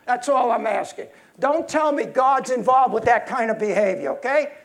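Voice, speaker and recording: A man's voice: very high-pitched, moderate pace, a bit bright. A man preaching a sermon in a heated, emphatic way, often restarting his sentences.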